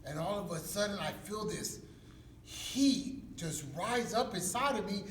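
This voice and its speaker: A man's voice: sits high, unhurried, slight background noise. A man, a pastor telling a dramatic personal testimony in street slang. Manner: animated storytelling in street slang. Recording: echoey hall from far off.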